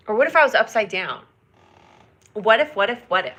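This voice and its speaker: A woman's voice: medium pitch, expressive, fairly quick, bright, forceful tone, husky, dull audio. A woman hosting a casual phone live stream, bubbly and giggly, chatting with viewers and reading their comments aloud. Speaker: livestream host. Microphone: phone camera.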